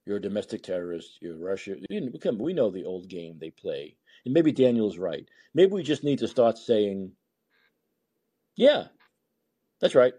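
A man's voice: fairly low pitch, a little mellow, slightly rough. A man hosting his own talk show, rambling through sarcastic political commentary and often interrupting himself.

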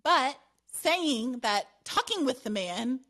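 A woman's voice: sits high, animated, takes it slowly, fairly bright tone. A woman hosting a call-in podcast, chatting casually with callers and laughing often. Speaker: podcast host taking calls.

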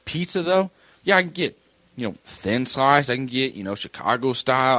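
A man's voice: mid-range voice, moderate pace, bright, forceful tone, no echo. A young man co-hosting a podcast, chatting in a laid-back, joking way and swearing casually. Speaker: podcast co-host. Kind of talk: casual chat.

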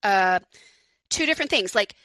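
A woman's voice: medium pitch, lively intonation, normal speed, sharp tone, dry recording, rough recording. A woman hosting a live call-in podcast, talking frankly and chattily, laughing often and swearing casually. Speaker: podcast host.

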